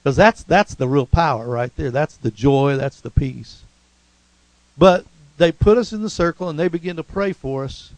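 A man's voice: on the high side, normal speed, a little mellow, dry recording, poor audio. A man preaching a sermon in a chatty, storytelling way, with frequent "amen" and "you know" and a touch of humor. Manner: humorous asides. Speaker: pastor.

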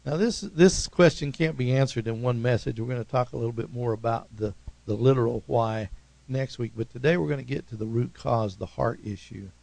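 Gravelly Oklahoma preacher man. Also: fairly quick, no echo, poor audio. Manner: emphatic, conversational preaching with sudden swings in pitch and loudness. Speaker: pastor. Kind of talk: sermon.

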